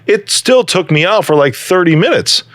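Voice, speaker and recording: A man's voice: high-pitched, moderate pace, no echo, clean studio sound. A man hosting a podcast, chatting casually and reacting with exclamations and laughter. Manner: animated, exclaiming, laughing along. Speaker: podcast host. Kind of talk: casual interview chat.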